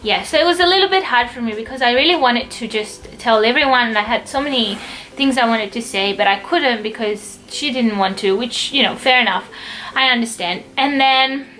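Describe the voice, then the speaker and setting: A woman's voice: on the high side, brisk, a bit bright, poor audio. A woman vlogger casually telling a personal story, chatty, acting out quotes from her family. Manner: chatty, lots of fillers and acted-out quotes.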